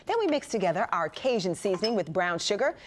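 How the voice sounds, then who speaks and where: A woman hosting a television cooking segment, lively and playful as she chats with her guest chef. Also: medium pitch, quick pace, slight background noise. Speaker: cooking show host.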